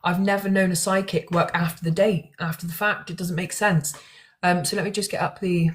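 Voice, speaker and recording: A woman's voice: fairly low pitch, steady tone, fairly quick. Emotional young woman rambling. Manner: emotional, rambling with restarts and fillers. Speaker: true crime content creator. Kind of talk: casual talk to camera.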